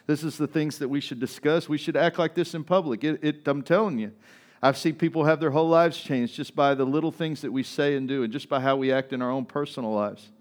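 A man's voice: fairly high pitch, steady tone, fairly quick. A male pastor preaching a sermon in a conversational, repetitive style, calling for responses from the congregation.

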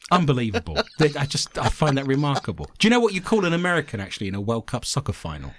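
A man's voice: medium pitch, very animated, rapid-fire, a bit bright, slight background noise. A man hosting a comedic podcast, trading jokes with co-hosts and reading listener mail with dry teasing humor. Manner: dry teasing humor, reads letters aloud. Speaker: podcast host.

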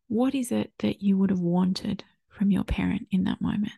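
Gentle gravelly-voiced woman podcaster. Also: mid-range voice, steady tone, moderate pace, no room sound, clean studio sound. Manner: gentle, reflective, invites listener to imagine. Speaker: podcast host. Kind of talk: solo podcast talk on parenting.

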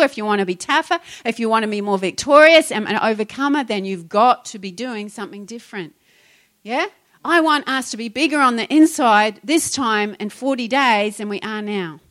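A woman's voice: fairly high pitch, fairly quick, fairly bright tone. A middle-aged woman preaching a sermon, exhorting her congregation with rhetorical questions. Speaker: pastor.

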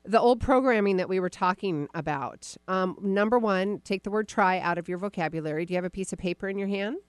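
A woman podcast host coaching a caller live, encouraging and animated, acting out the caller's inner voice. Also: medium pitch, brisk, clean tone, no room sound.

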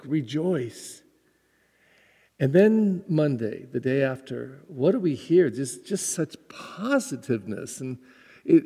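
A pastor delivers a conversational homily, hesitating with fillers and repeating words as he goes. His voice sits fairly high but sounds mellow and soft. The recording carries a long reverb, as if made in a large hall. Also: gravelly. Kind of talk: podcast homily.

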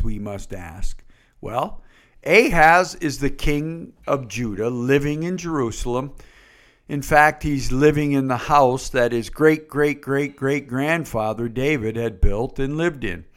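Male pastor, unhurried storytelling sermon with playful asides. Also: mid-range voice.

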